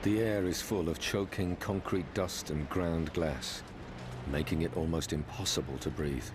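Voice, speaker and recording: Male documentary narrator, very low voice, measured scripted reads over a music bed. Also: steady tone, noisy background.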